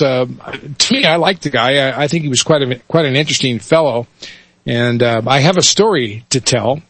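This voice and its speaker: Folksy, halting man telling a story. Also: mid-range voice, fairly bright tone, breathy edge, no echo. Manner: hesitant, many fillers, folksy. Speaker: speaker telling a joke. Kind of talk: casual storytelling.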